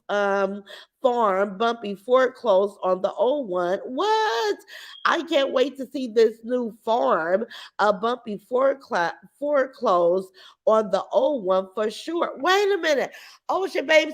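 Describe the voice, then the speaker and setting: A woman hosting a casual livestream from her couch at home, talking to her chat through her computer in a brash, outspoken, boastful way. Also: fairly high pitch. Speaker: livestream host reading chat. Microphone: computer mic.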